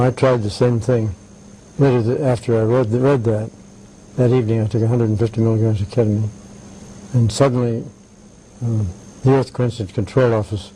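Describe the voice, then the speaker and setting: An older man being interviewed, telling anecdotes in a halting way with many "right"s and "uh"s. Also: mid-range voice, mellow, slight background noise, low-quality recording. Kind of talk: conversational interview.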